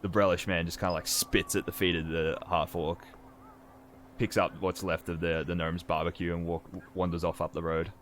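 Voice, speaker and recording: A man narrating as game master for a tabletop role-playing game, relaxed and hesitant with frequent fillers. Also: deep voice, normal speed. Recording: faint background noise.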